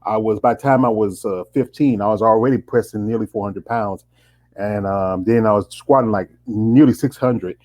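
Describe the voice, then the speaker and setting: A man's voice: fairly low pitch, normal speed, darkish tone, low-quality recording. A man, hosting a casual interview and rambling with many restarts. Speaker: interviewer host.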